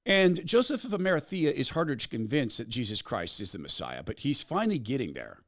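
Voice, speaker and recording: Guy hosting a talk show, telling a story dramatic-like, voice goes up and down a lot. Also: mid-range voice. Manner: storytelling, dramatic pauses, animated. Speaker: podcast host. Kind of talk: commentary monologue.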